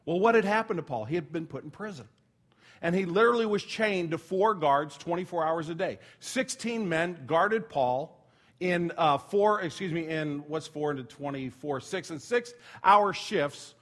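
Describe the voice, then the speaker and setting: A middle-aged pastor with a high-leaning, animated voice preaches a sermon at a normal speed. He talks conversationally, with asides and self-corrections, and drops to a near whisper when telling a quiet story.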